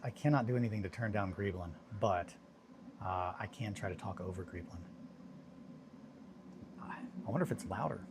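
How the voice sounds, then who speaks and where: Low-voiced guy rambling and joking on a craft stream, faint hum behind. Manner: rambling, joking, mutters to himself while working. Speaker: hobby streamer. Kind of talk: casual live-stream chat while crafting.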